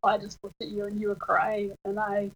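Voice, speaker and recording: A woman telling a personal story in casual chat, reflective, with fillers and pauses. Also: mid-range voice, monotone, slightly rough, poor audio. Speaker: partner sharing a personal story.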